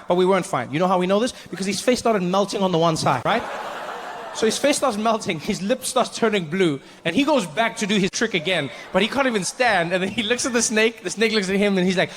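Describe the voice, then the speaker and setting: A male stand-up comedian telling an animated story and acting out every character. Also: sits high, a little fast, slight background noise. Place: comedy stage with laughing audience.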